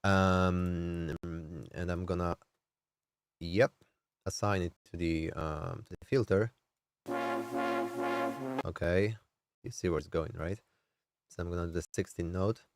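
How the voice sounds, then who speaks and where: On a live stream, a man talks casually about music production, slowly and with long pauses. His steady, low voice sounds nasal and somewhat strained from throat squeeze, and he fills his thinking aloud with many fillers.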